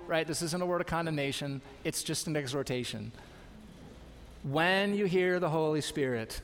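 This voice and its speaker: An American pastor preaches a sermon in a church sanctuary, his high-sitting voice carrying through the large hall. He exhorts his congregation with repeated calls to trust and obey.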